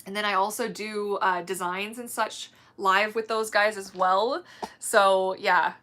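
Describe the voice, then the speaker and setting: A woman whose first language is German, hosting a casual livestream, chatting warmly with viewers, gushing and laughing often. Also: medium pitch, fairly even intonation, unhurried, a little hiss or hum. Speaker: livestream host.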